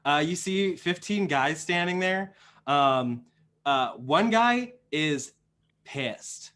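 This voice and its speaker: Man, game master, rambling narration, tabletop game, slightly high voice. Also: lively intonation, slow pace, a bit bright. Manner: rambling, full of fillers and restarts.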